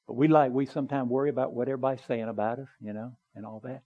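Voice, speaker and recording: A man preaching a sermon in a church, earnest and conversational, building to emphatic pleas and dropping to soft, quiet appeals. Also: medium pitch, steady tone, racing, few pauses, narrow, tinny audio. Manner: conversational with small asides. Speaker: pastor. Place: church sanctuary, also live streamed.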